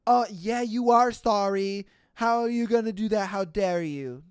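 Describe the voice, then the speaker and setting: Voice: medium pitch, measured pace, a little mellow, no echo, studio quality, natural voice. A podcast host voicing an indignant, entitled woman passenger in a mocking, whiny tone, reading from a comedy podcast.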